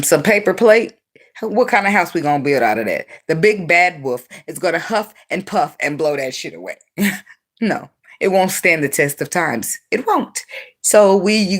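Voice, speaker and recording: A woman giving an unscripted tarot reading in a blunt, profane, animated way, breaking into laughs often. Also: low voice. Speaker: tarot reader.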